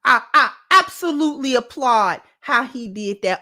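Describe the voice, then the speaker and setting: A woman's voice: fairly high pitch, expressive, moderate pace, hardly any pauses, sharp tone. A woman host giving sassy, emphatic reaction commentary on a dating clip and talking straight to her viewers.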